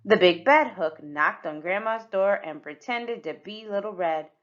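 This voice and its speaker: A woman reading a children's picture book aloud as the narrator, with expressive storytelling. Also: mid-range voice, measured pace, lo-fi sound.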